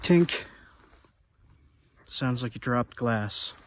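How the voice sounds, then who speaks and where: A man casually narrating to his camera while hiking outdoors, relaxed and rambling, short of breath. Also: mid-range voice, unhurried, a little hiss or hum. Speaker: outdoor vlogger. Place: outdoors on a hillside.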